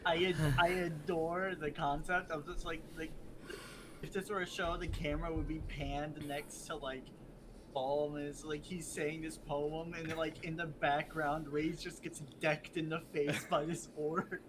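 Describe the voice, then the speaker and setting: A man's voice: fairly high pitch, flat delivery, unhurried, background noise. A man playing a tabletop game, chatting in a rambling way full of "like". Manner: rambling, full of likes and laughs. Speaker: player. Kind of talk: casual chat while playing a tabletop game.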